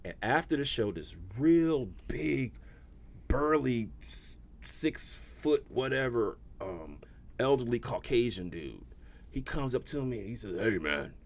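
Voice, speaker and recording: A middle-aged male comedian in a relaxed interview, his voice swinging widely up and down as he tells stories. He slips into the voices of the people he quotes. His pitch sits in an ordinary middle range. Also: unhurried, vocal fry. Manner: animated storyteller who acts out the people he quotes. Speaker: guest comedian. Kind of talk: casual interview storytelling.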